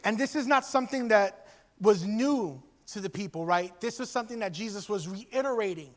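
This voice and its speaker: A man delivers a sermon in a relaxed, conversational way, slipping into quoted voices as he makes his points. His voice sits high for a man. The sound carries a long reverb, as from a church sanctuary. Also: normal speed. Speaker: pastor.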